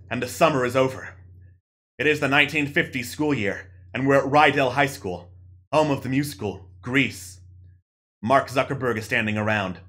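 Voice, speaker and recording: A man's voice: mid-range voice, pushed and bright. A man streaming a text adventure, narrating playfully to chat in a mock-dramatic way.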